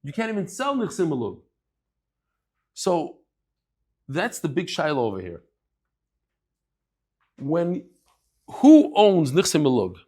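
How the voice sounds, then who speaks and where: Animated man teaching Talmud. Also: on the high side. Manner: lively, acts out dialogue in quick asides; conversational, explains with everyday examples. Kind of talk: daily Talmud lecture.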